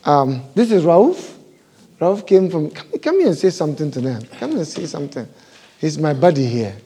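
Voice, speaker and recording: A man's voice: a little high, very animated, moderate pace, dark tone, breathy edge. A male pastor preaching a sermon, asking the congregation question after question.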